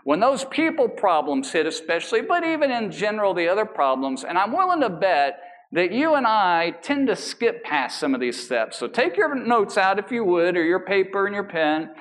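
A man preaching a sermon as a pastor, emphatic and animated. He drags out key words for emphasis and slips in casual, joking asides. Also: high-pitched, normal speed. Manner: casual asides and self-deprecating humor.

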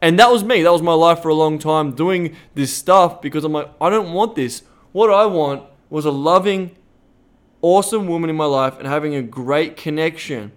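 A man's voice: fairly high pitch, normal speed, clear, resonant tone. Rambling, profane Australian man. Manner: rambling, profane, many "like" fillers. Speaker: podcast host. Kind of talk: casual storytelling chat.

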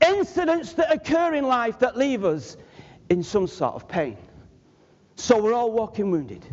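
A man from Manchester, England preaches a sermon woven with personal stories, his very high, lively voice leaping up and down. He's animated and humorous, joking with listeners and addressing them directly. The recording is dull and lo-fi, with a long reverb from the large hall.

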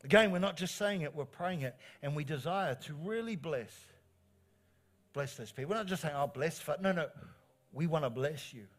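A middle-aged man, preaching a sermon as pastor in an animated, encouraging way, repeating phrases for emphasis. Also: a little high, normal speed. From New Zealand.

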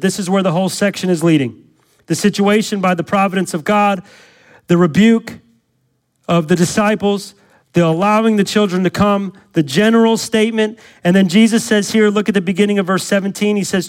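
A male pastor preaching an expository sermon, building to urgent emphatic repetition and then slowing to quiet, earnest appeals. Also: high-pitched.

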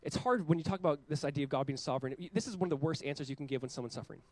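Pastor guy in his 30s preaching, kinda high voice, dry close sound, gets loud then real quiet. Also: no echo, rough recording. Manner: earnest, rising to loud emphatic peaks and dropping to quiet, slow lines. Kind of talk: sermon.

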